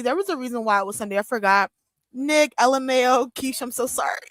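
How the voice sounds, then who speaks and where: A young woman hosting a live watch-along stream, giving excitable reaction commentary with squeals and bursts of laughter. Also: high voice, no echo. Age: young adult. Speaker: livestream watch-along host.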